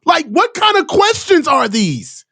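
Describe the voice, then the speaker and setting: On a live reaction show, the host rants sarcastically about a press conference, cursing freely and mocking reporters in put-on voices. The voice is extremely high and forceful, creaky and bright, swinging hugely in pitch at a slightly slow pace. It's a heated, profane sports rant.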